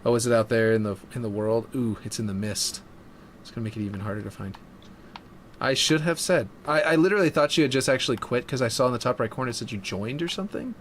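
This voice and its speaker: A man's voice: mid-range voice, fast, slight background noise. A man streaming while building a game map, chatting casually and thinking aloud as he trails off. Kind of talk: casual chat while working.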